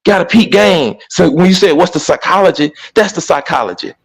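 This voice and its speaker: A man's voice: on the high side, animated, brisk, gravelly, husky, low-quality recording. A man talking on an online panel in an emphatic, slangy way, repeating his points. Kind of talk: casual online panel chat.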